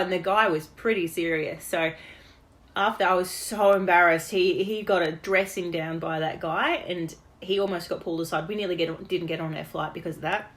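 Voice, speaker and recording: Australian woman with a lower voice, talking off the cuff and fondly recalling family stories, chatty. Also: steady tone, a little fast, fairly bright tone. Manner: chatty, reminiscing, laughs between stories. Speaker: daughter giving a birthday message. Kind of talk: unrehearsed personal birthday message.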